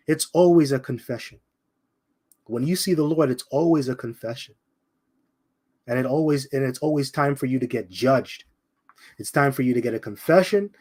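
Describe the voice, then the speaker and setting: A man's voice: mid-range voice, darkish tone. Blunt streetwise man preaching. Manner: streetwise, confrontational, addresses listeners as "man"; repeats points, slows down for emphasis. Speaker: bible teacher. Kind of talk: informal scripture commentary.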